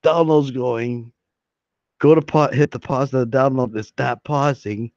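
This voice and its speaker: A man's voice: medium pitch, unhurried, darkish tone, no room sound. Rambling man on a dry, dull mic. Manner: rambling, laughing and swearing freely. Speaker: streamer hosting a live hangout. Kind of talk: casual live-stream chat. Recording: dry, slightly dull lo-fi sound.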